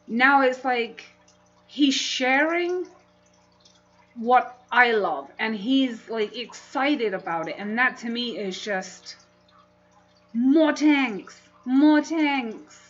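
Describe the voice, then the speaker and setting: A woman chatting on a casual livestream at an unhurried pace, laughing easily as she reacts to her viewers. Her voice sits a little high. The audio is dull and lo-fi, with a faint hiss underneath. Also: animated, a bit bright. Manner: chatty, laughs often, reads chat aloud. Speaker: livestream host.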